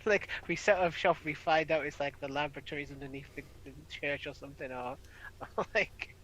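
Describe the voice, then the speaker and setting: An eager man with a fairly high voice, asking rule questions and chatting about the game. Light background hiss sits under his voice. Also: fairly quick, fairly bright tone, low-quality recording. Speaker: player. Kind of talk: casual tabletop game chat.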